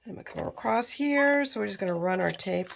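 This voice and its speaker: Gravelly and medium-pitched, this middle-aged woman talks fairly quickly and with animation while she crafts on camera. She sounds tired, yawning through her casual tutorial chat, with slight background noise.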